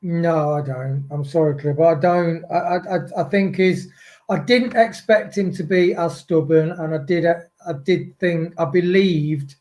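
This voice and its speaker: A man's voice: on the high side, steady tone, a little slow, a little mellow. A man on a football fan panel, talking in rambling, musing stretches with frequent restarts. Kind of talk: casual football podcast chat.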